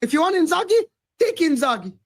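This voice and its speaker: A man's voice: very high voice, sing-song, fast talker. Ranting, sweary man. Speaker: football show co-host. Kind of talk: casual ranting banter.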